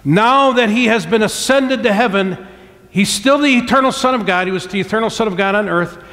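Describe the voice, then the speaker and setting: A man pastor preaching a sermon, emphatic, slowing down to stress key words and calling for amens from the congregation. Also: sits high, fairly bright tone. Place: church sanctuary. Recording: long hall reverb from church sanctuary.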